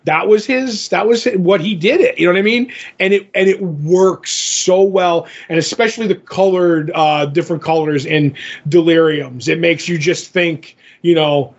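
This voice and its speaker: A man's voice: high voice, moderate pace. A man co-hosting a casual comic book podcast, rambling and retelling scenes in quoted voices. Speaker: podcast co-host. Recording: dull lo-fi podcast audio.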